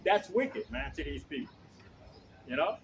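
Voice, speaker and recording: A man preaching outdoors on the street, loud and blunt, swearing and checking in with his listeners again and again. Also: on the high side, lively intonation, a little slow, a little hiss or hum. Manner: loud, blunt, profane, keeps asking "okay?".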